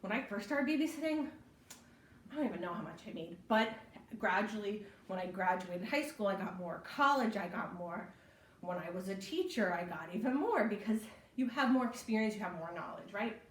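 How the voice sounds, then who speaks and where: In an echoey room, well away from the mic, a young woman teaches an informal online babysitting class for a library program. Her mid-range voice has lively intonation at normal speed, and she's chatty, with plenty of ums and repeated "right?"s.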